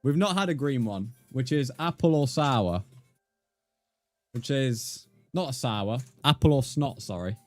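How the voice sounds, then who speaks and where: A man's voice: mid-range voice, expressive, a little slow, no echo, soft background music. A man, chatting casually with viewers while he plays a game on a livestream and calling them mate. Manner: laid-back, chatty, calls viewers mate. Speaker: game streamer.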